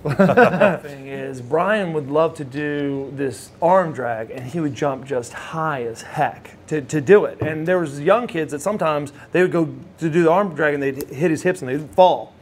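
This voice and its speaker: His voice sits fairly high and moves at a moderate pace with few pauses. He's a man in his forties and ex-wrestler, animatedly recounting tales in a laid-back shoot interview and doing voices for the people he quotes.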